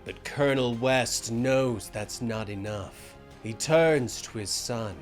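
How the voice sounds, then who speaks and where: A man's voice: medium pitch, takes it slowly, few pauses, soft background music. A man narrating a comic book story in a dramatic scripted style.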